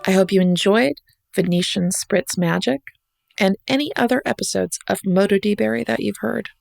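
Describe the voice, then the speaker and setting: A woman hosting a podcast narrates her own travel essay in a wry, reflective tone, with an American accent from the United States. Her mid-range voice is creaky and at normal speed, with soft background music and no room sound.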